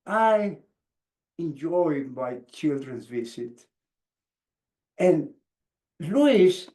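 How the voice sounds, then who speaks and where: A man tells a personal story in an unhurried, deliberate way, with a high, lively voice that swoops widely. He acts out the other people in the story, and the sound echoes around a roomy space. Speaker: speaker. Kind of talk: storytelling speech. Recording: echoey room.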